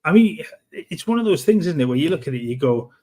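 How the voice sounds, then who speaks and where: A man co-hosting a football podcast, chatting casually and telling animated, incredulous stories. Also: on the high side, fast. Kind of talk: casual chat.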